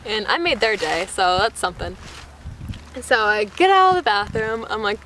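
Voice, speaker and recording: A woman's voice: medium pitch, expressive, normal speed, pushed and bright, a little hiss or hum, low-quality recording. A young American woman telling a travel mishap story in a casual, breathless way, full of "like" and acted-out quotes. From United States. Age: young adult. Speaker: vlogger.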